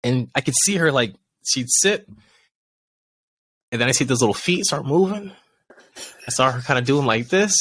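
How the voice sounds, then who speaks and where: A man's voice: mid-range voice, expressive, moderate pace, pauses often, fairly bright tone, a little hiss or hum. A man in his thirties, a podcast co-host telling a long story in a loose, rambling way full of fillers and restarts. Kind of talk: casual chat.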